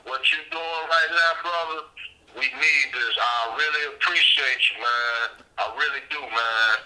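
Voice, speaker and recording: A man's voice: mid-range voice, unhurried, pushed and bright, low-quality recording. A man speaking as a guest on a livestream, laid-back and casual, often ending his phrases with "man". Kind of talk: casual chat.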